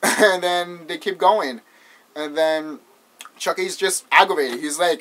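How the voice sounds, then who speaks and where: A man's voice: on the high side, slow, fairly bright tone. A man casually retelling a horror movie's plot, rambling, swearing often and laughing as he goes. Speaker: movie reviewer.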